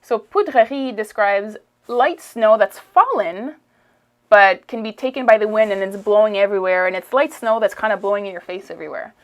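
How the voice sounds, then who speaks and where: Québécoise woman teaching French slang. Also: medium pitch. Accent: Quebec French. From Quebec, Canada. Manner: explains slowly, repeats phrases, often checks with "okay?". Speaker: language teacher. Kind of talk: casual language lesson.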